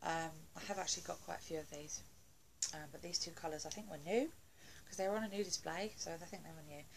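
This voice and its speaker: Low gravelly woman gushing over lipsticks. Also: fast talker, slight background noise, low-quality recording. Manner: chatty, gushing, many fillers and asides. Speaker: beauty vlogger. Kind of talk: casual haul review.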